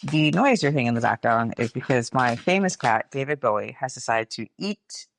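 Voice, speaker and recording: A woman's voice: rumbling low, expressive, normal speed, creaky, slight background noise. A middle-aged woman hosting her own podcast, talking candidly and casually, swearing freely and calling her listeners y'all. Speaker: podcast host. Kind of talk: casual reflective monologue.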